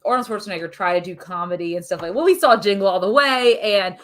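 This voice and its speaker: Woman, podcast co-host, casual movie chat, searches for words, chatty, middle pitch. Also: fast, fairly bright tone.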